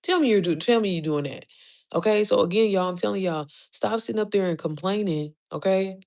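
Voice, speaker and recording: A woman's voice: mid-range voice, creaky, a little mellow. A woman with a mid-range voice delivers a casual motivational rant straight to her followers. She is blunt and profane, firing off rhetorical questions. Short laughs keep breaking into her preaching. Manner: quick laughs between points. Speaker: online business coach.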